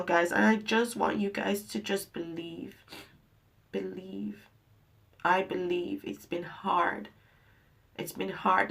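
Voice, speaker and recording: A woman's voice: medium pitch, creaky. A woman vlogger and mother speaking to the camera in a heartfelt, emotional pep talk, repeating her phrases for emphasis. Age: adult mother. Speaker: vlogger and herbal products maker.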